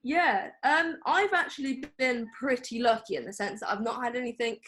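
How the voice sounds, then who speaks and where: A woman's voice: on the high side, normal speed, fairly bright tone. Chatty young woman. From England. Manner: chatty, full of fillers and quoted dialogue. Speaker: guest photographer. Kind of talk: casual interview over a call.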